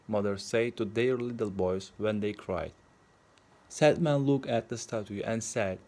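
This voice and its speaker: A man narrating a storybook aloud in a plain, unhurried way with small slips. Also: mid-range voice, darkish tone. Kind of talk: storybook reading.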